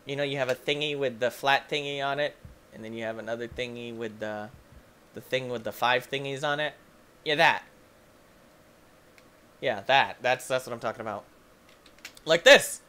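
A young man hosting a gaming video, giving goofy, excitable let's-play commentary that breaks into yelps and shouts. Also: mid-range voice, normal speed, long pauses.

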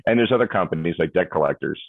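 A deep-voiced man with a husky edge explains technology as an interview guest, acting out little examples as he goes. The sound is tinny and phone-like, with a dry, close feel. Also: expressive, fast talker, no echo.

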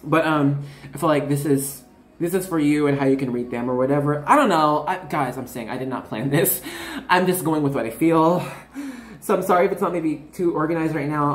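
Her low voice echoes in a reverberant space as this woman in her twenties rambles through a casual tarot reading for her viewers. She fills it with fillers and bubbly side comments, frequently interrupting herself.

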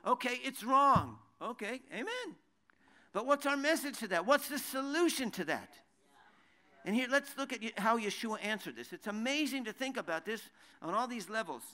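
A man's voice: very high-pitched, lively intonation, moderate pace, pushed and bright. A man teaching a sermon, conversational, with many rhetorical questions and restarts, reading verses in Hebrew and translating them. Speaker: Bible teacher.

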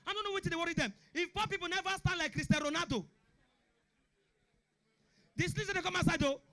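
Here a young comedian with a Nigerian Pidgin English accent works through a stand-up set, yelling punchlines and impersonating characters. He talks fast in a very high-pitched voice.

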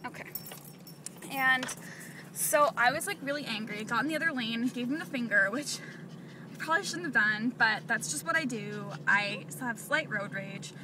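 A woman's voice: a little high, lively intonation, normal speed. A young woman vlogging as she drives, chatting and venting with lots of filler words. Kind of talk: casual vlog while driving. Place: inside a car. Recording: distant mic with road noise.

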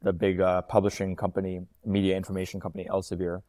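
A man in his thirties, a company founder talking as an interview guest, quick and fluent with frequent ums and uhs. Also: low-pitched, monotone, dark tone, no room sound, studio quality. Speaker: startup founder and CEO, guest. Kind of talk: casual interview talk.

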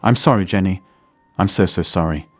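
Guilty, tearful teenage girl with a small pleading voice, read by a man with a low voice over soft music. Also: normal speed, no room sound.

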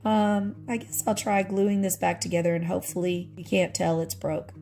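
A woman's voice: fairly low pitch, level tone, moderate pace, creaky, warm tone. A middle-aged woman vlogger chatting about her thrift finds in a nostalgic, friendly way, laughing often. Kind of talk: casual show-and-tell narration.

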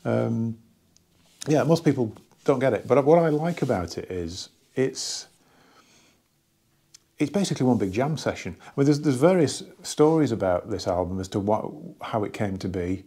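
Man, gravelly low voice, mellow tone, rambling casual record-collector vlog, lots of restarts. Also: animated. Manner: rambling and enthusiastic, many pauses and restarts. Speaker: record collector reviewing an album.

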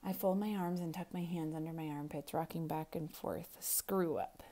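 A woman teacher reading a novel aloud, expressive, quiet and intense. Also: low voice, a little fast.

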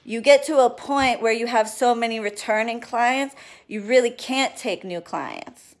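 A woman's voice: fairly high pitch, a little slow. A woman doing readings and spell work, chatting casually and affectionately to her viewers on a livestream, swearing now and then. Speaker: spiritual reader and spell worker.

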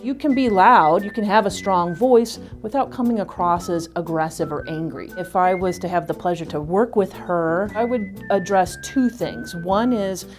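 A woman vocal coach giving expert advice in an interview, speaking in a measured, advising way. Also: medium pitch, faint music behind.

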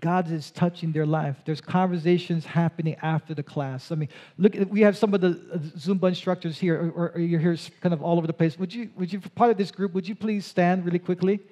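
Male pastor, fairly high mellow voice, lively onstage interviewer. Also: fairly quick, few pauses, highs cut off. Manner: animated, chatty with asides and repeated words. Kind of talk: onstage interview in a church service.

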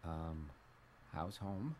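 An actor playing a gruff middle-aged father who stammers awkwardly, over a loud noisy cartoon soundtrack. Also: sits low, lively intonation, extremely slow, exaggerated voice.

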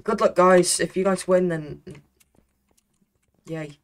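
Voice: medium pitch, slow. A posh-sounding player chatting mildly during a game stream. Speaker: guest player. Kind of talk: casual gaming chat.

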